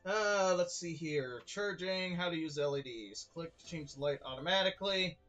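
A young man streaming a game, chatting excitedly with his viewers and laughing often. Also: fairly high pitch, normal speed, dull audio, faint music behind. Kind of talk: live-streamed gameplay chat.

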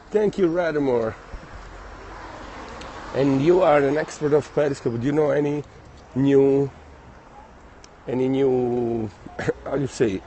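A man's voice: medium pitch, darkish tone, slight background noise. A man, hosting a casual outdoor livestream, reading out and thanking viewers' comments as he walks, a bit out of breath. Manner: reads viewer comments aloud and thanks them. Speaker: livestream host. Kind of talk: casual livestream chat while walking. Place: outdoors on city streets.

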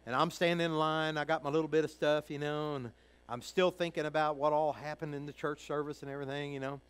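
A middle-aged male pastor from Kentucky preaching a sermon, telling a personal story in a folksy way, acting out the voices of others and moving between hushed and loud. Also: a little high, steady tone, fast talker, clear, resonant tone, low-quality recording.

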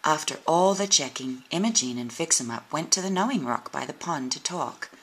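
A woman narrating a children's storybook in a gentle, unhurried way. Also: sits low, animated, a little hiss or hum, poor audio. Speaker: storybook reader.

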